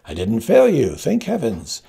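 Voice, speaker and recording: An anxious young queen pleads and commands in a husky, gravelly voice, as a male reader puts her on. The pitch moves a lot. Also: huge pitch swings, unhurried, warm tone, heavily acted. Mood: pleading.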